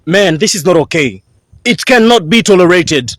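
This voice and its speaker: Furious high-voiced man ranting. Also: expressive, normal speed, fairly bright tone, no echo. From Tanzania. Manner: furious, swearing, repeating his accusations. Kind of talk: angry video rant.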